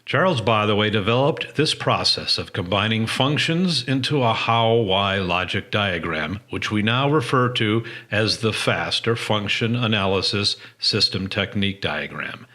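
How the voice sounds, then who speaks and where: A man hosting an interview, introducing his guest and asking questions in a clear, measured way. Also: fairly low pitch, animated, bright, forceful tone. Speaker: host. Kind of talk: interview narration.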